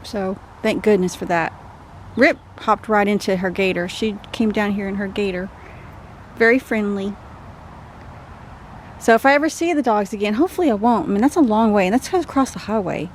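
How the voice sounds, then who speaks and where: A Texan woman with a medium-pitched voice talks at a normal speed, slight background noise behind her. In casual vlog narration on hot rural property, she soothes stray dogs and speaks to the camera.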